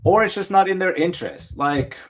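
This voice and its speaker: A man's voice: high voice, animated, brisk. A man co-hosting a podcast in casual chat, reasoning aloud and asking "right?" and "you know what I mean?". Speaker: podcast co-host.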